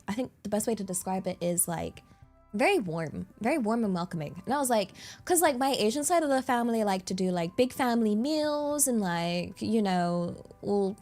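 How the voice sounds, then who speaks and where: A woman's voice: mid-range voice, darkish tone. A young woman streaming from her desk microphone, chatting casually in a rambling way and laughing often. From England. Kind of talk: casual chat.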